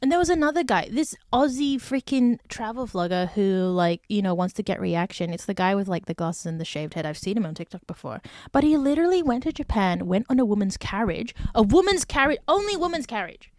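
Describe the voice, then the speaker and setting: Animated woman ranting on a podcast. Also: medium pitch, brisk, few pauses, dry recording, studio quality. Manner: animated storytelling with many "like" fillers and indignant outbursts. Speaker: podcast host. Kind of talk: casual solo podcast chat.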